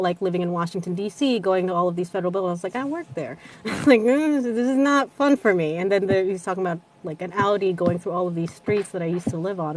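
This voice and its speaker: A woman's voice: mid-range voice, a little hiss or hum. A woman narrator of audiobooks in casual chat, laughing often and swearing casually.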